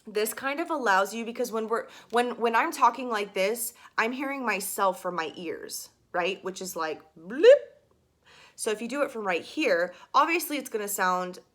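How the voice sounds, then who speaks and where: A woman's voice: fairly high pitch, animated, normal speed, a bit bright. A young woman giving a casual singing lesson to camera, chatty and full of fillers and asides. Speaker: singing teacher.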